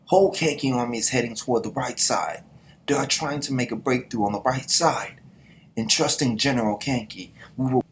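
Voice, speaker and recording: A man's voice: mid-range voice, moderate pace. A man hosting a casual manga reaction, talking in loose slang with laughing asides.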